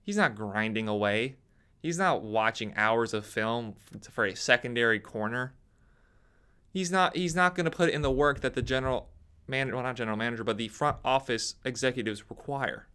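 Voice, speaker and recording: A young man giving an opinionated sports talk monologue, animated and ranting, his voice leaping up when he mocks others. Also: medium pitch, normal speed, clear, resonant tone. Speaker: sports commentator.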